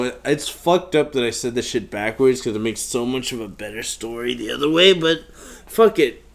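A young man hosting a podcast, telling a story in a casual, profane, animated way and acting out the scenes. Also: fairly low pitch. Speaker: podcast host.

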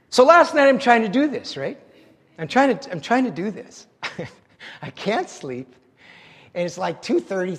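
A man preaching a sermon as pastor, animated and conversational, joking at his own expense. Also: high-pitched, in a large hall. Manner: animated and conversational, with self-deprecating jokes.

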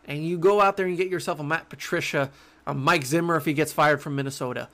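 A man's voice: on the high side, quick pace. A young man hosting his own sports podcast, talking casually and jokingly with lots of stammered restarts. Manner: animated, rambling, joking, frequent stammered restarts. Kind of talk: casual solo sports talk.

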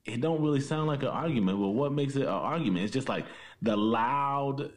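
A man's voice: mid-range voice, fairly quick. Reflective, rambling man in casual talk. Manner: reflective, lots of "like" and "you know". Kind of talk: casual conversation.

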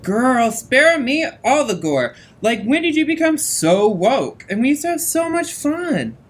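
A man's voice: very high voice, very animated, a little slow, exaggerated voice. An actor playing a vain, flighty gay young man who talks in an airy valley-girl drawl, full of "like.". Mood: dismissive.

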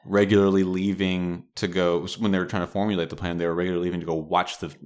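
A man's voice: sits low, little pitch movement, fast talker, darkish tone. A man in casual conversation about a book, making wry remarks and agreeing with brief replies. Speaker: podcast co-host discussing a book. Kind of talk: casual chat.

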